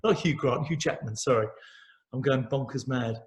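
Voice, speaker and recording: A man's voice: mid-range voice, normal speed. A middle-aged man chatting openly as an interview guest, rambling cheerfully with repeated words and easy laughs. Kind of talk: casual chat.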